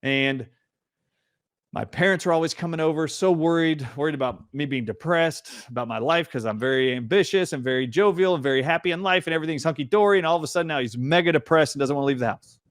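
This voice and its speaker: A middle-aged man hosting a talk show, telling a personal story in an animated, emphatic way and acting out the dialogue. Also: fairly high pitch, quick pace, dry recording, studio quality. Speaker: show host. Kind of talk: storytelling in a casual interview.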